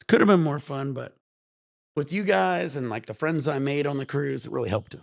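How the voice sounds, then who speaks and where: A man hosting a relaxed vlog, rambling and swearing freely in casual chat while high. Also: fairly quick, gravelly, no echo, studio quality. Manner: rambling, profane, laid-back. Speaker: vlog host.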